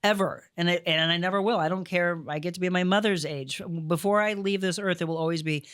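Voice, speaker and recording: A middle-aged woman from Missouri, a former news anchor turned life coach, telling her story as a guest in an energetic, emphatic way. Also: fairly low pitch, a little fast, clean tone, no room sound, studio quality. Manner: energetic, emphatic, animated retelling. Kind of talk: conversational storytelling.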